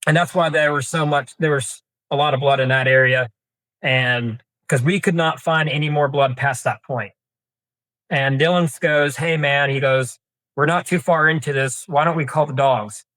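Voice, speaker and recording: A man's voice: on the high side, steady tone, normal speed, a bit bright, no echo. Folksy man telling a hunting story. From Kansas. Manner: rambling, folksy, many fillers and restarts. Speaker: podcast guest, deer hunter. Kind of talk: casual storytelling interview.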